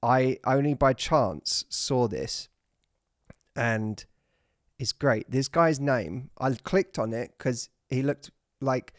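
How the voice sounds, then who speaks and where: A man hosting a podcast in a playful, teasing, animated way. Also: mid-range voice, slow pace, no room sound, clean studio sound. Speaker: podcast host. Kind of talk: casual chat.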